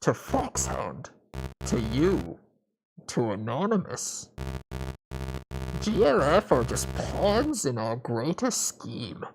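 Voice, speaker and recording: A woman's voice: a bass voice, sing-song, voice pushed down, heavily acted, poor audio. A woman voicing a fire-obsessed male villain, reading game dialogue aloud in a theatrical, brooding way. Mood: menacing. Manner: theatrical, slow and brooding, breaking into ecstatic shrieks. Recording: music playing behind the voice.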